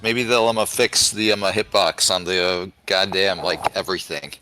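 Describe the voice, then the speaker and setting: Man, let's play host, casual commentary, bright tone, swears, filler words. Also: low voice, steady tone, moderate pace, soft background music, low-quality recording. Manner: laid-back, swears, many fillers.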